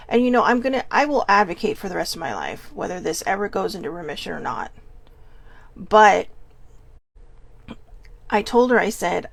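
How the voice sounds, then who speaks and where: A woman hosting a candid personal vlog, speaking earnestly and haltingly as she searches for words, often restarting. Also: mid-range voice, gravelly. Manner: earnest and open. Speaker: vlog host.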